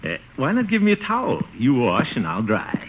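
A man's voice: mid-range voice, huge pitch swings, normal speed. Pompous chuckly uncle guy, voice swings all over, old muffled radio show w hiss. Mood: hearty. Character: blustery, jovial middle-aged bachelor uncle. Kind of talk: 1940s radio acting.

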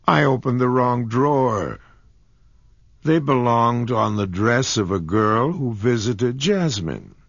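Brief: man reading as a young heiress, high and husky, sheepish and dreamy, audiobook. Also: animated, slow pace, dry recording, dull audio. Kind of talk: audiobook character voice.

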